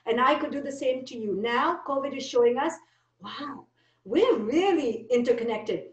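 A woman with a rather high voice delivers an emphatic spiritual talk, hammering her points home in short, repeated statements. Her voice rings in an echoey room and sounds a little distant from the mic. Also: moderate pace, dull audio. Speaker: speaker. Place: speaking virtually.

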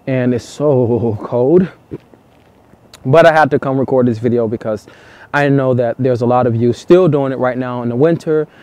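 Earnest man with a dark voice, coaching. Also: medium pitch, normal speed, dry recording. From United States. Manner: earnest, repetitive coaching with casual swearing. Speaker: dating coach. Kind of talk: motivational vlog monologue. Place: outdoors in the cold.

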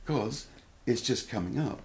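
A man's voice: mid-range voice, animated, unhurried, gravelly, a little mellow. A man giving a casual spiritual talk as a teacher, blunt and questioning, swearing freely. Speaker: nonduality teacher.

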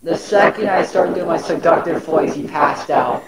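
A man's voice: a little high, moderate pace, reverberant, over a noisy crowd, natural voice, poor audio. A man playing a teasing, snooping young man in a casual roleplay. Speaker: roleplay player.

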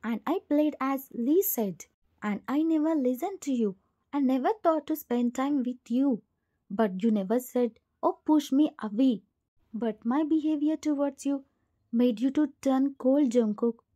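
A woman's voice: high-pitched, unhurried. Woman reading as a sorrowful, guilty mother. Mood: remorseful. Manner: soft, apologetic. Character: middle-aged remorseful mother, gentle and sorrowful.

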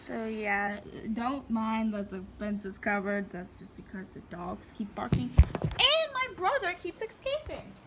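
Woman, home-tour vlog, phone mic, rambling and giggly, lively swooping pitch, unhurried. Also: very noisy. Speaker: vlogger. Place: indoors at home.

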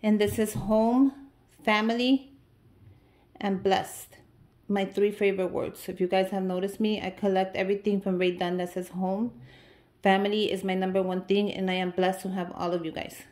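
Gushing excitable woman unboxing gifts. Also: mid-range voice, moderate pace. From United States. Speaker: vlogger opening mail. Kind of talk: casual unboxing chat to viewers.

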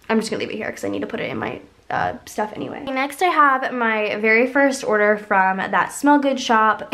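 A woman's voice: mid-range voice, a bit bright. A young woman talks through a shopping haul in a loose, chatty vlog style. Her voice sounds stuffy and congested. She rambles upbeat with plenty of "like" and "um". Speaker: haul vlogger. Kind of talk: casual chatty haul video.

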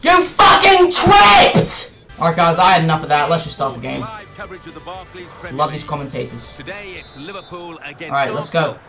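A young man doing loud gameplay commentary for a football video game, swearing and shouting at the players. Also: fairly high pitch, normal speed, pauses often, poor audio. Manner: excitable, swears a lot, yells at the game. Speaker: gaming YouTuber. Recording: game music playing behind. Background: soccer game music and commentary.

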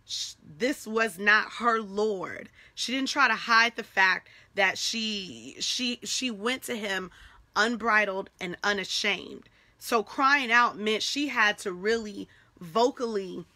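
A woman leading a devotional Bible study speaks in a bright, forward voice, recorded dry and close with no room sound. She teaches in a conversational, encouraging way. She checks in often and restarts phrases as she works through her thoughts. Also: medium pitch, slow pace, dry recording. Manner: conversational and encouraging, with frequent "okay?" asides; repeats words and restarts as she thinks aloud.

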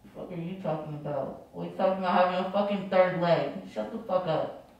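Heard distantly in an echoey room, with a muffled recording, a woman vlogger in her twenties talks quickly in a lowish voice. In this prank video she goes from drowsy to swearing at and roasting her fiancé during their argument.

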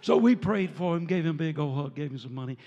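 Lively gravelly preacher in a reverberant sanctuary. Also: male voice, a little high, fast talker, muffled recording. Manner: animated, jovial, breaks into laughter and shouts. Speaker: visiting preacher. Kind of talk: storytelling sermon.

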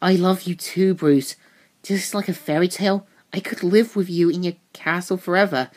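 A woman reading the quiet, soft lines of a tragic female antiheroine from a comic. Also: fairly low pitch, steady tone, moderate pace, lightly acted. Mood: wistful.

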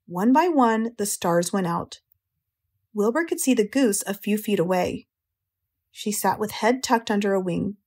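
An American woman narrating a children's audiobook in a slow, clear, gentle way. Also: mid-range voice. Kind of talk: storybook narration.

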